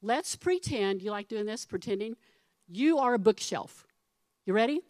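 A middle-aged woman pastor preaching a sermon in a conversational, animated way, asking her congregation questions and acting out the voices of people in her stories. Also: mid-range voice, moderate pace, no room sound.

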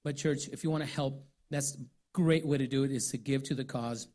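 A pastor giving lively, upbeat church announcements and hyping the congregation. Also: male voice, medium pitch, a little fast.

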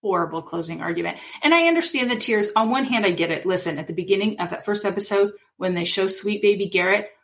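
Co-hosting a casual true-crime podcast, a woman in her thirties or forties animatedly retells events and acts out quotes. She talks quickly in a medium-pitched voice, barely pausing, with slight background noise present.

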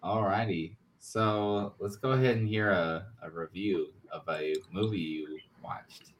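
A man's voice: low-pitched, measured pace, muffled recording. A man co-hosting a podcast, chiming in with short reactions and handing off segments.

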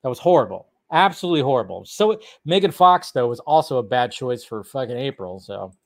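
A man's voice: medium pitch, lively intonation, a little fast. A man hosting a casual film news livestream, reading out viewers' chat questions and answering them in a loose, rambling way with free swearing. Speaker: film news channel host.

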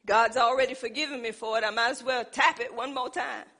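A woman's voice: a little high, fairly even intonation, fairly quick, sharp tone, pitched below the performer's own voice. A woman voicing a complacent male churchgoer who smugly excuses his sin, in a drawling manner. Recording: long reverb in a church hall.

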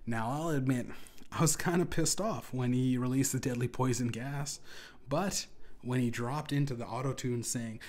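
A man's voice: medium pitch, normal speed, a little mellow. A young man hosting a podcast, telling an absurd comedic story in a casual, profane, rambling way with lots of restarts. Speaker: podcast host.

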